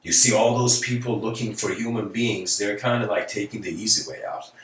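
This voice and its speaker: A man's voice: fairly low pitch, brisk, fairly bright tone, distant mic. A man giving a casual, live-streamed spiritual talk, searching for words and laughing between thoughts. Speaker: spiritual speaker. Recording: roomy sound from away from the mic.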